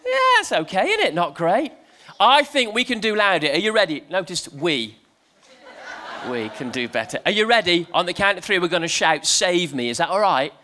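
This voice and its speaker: A man's voice: high-pitched, moderate pace. A man giving a playful family church talk, telling a joke and then coaxing the congregation to join in. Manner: lively, playful, coaxing the crowd. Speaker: preacher.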